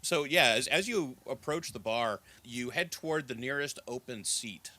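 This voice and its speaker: A man's voice: mid-range voice, moderate pace, sharp tone. A man narrating as game master of a tabletop game in an easygoing, descriptive way.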